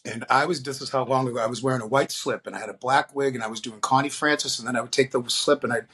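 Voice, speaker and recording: A middle-aged man from the Boston area, a guest drag performer, telling animated stories and acting out the voices of the people in them. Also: mid-range voice, fast, husky. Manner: animated storyteller, acts out quoted voices. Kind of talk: storytelling interview.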